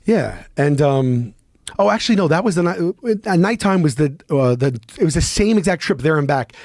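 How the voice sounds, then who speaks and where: Guy on a podcast telling a wild story, kinda high voice, dry close mic, swears a lot. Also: normal speed, no room sound. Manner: animated, profane, restarts and trails off. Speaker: podcast guest. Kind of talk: casual storytelling.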